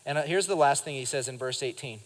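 A man preaching a sermon at a live church service, lively and speaking straight to the congregation. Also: mid-range voice, quick pace, in a large hall. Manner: lively preaching, acts out quotes and addresses the congregation. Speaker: pastor.

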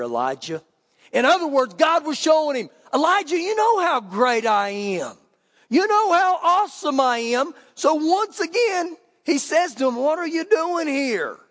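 A high-pitched man preaches a sermon, his voice ringing with a long hall reverb. He reads scripture and then drives his point home with sudden emphatic lifts in pitch. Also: fairly bright tone. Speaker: pastor.

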